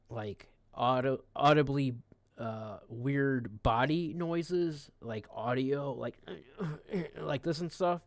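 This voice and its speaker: Mocking, rambling male streamer. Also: mid-range voice. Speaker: live streamer. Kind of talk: casual reaction commentary.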